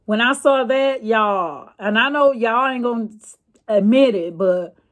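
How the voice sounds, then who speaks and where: A woman's voice: a little high, unhurried. A woman vlogger telling a story in a casual, chatty way, with many fillers and restarts.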